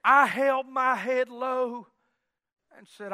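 A man preaching a sermon in a folksy, animated storytelling manner. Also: extremely high pitch, normal speed, no room sound.

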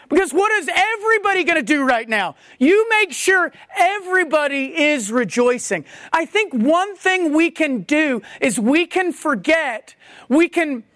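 A woman preaching a sermon in a conversational, animated way, with quick asides and playful acted-out quotes. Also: high-pitched, no echo, studio quality.

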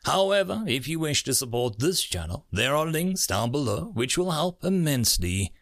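A man narrating a story in a slow, expressive reading. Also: on the high side. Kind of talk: audiobook narration.

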